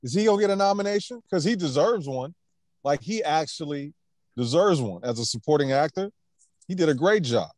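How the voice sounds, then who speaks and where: Man, podcast co-host, blunt, joking, profane, fairly high voice, dry close sound. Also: expressive, fairly quick, a little mellow, no echo. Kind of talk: casual chat.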